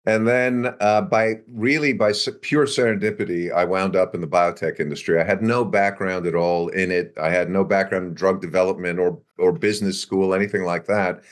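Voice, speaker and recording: Older man spinning a lively anecdote. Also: deep voice, moderate pace, few pauses. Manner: animated anecdote-telling with acted-out quotes and chuckles. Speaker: interview guest, biotech executive. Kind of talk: conversational storytelling.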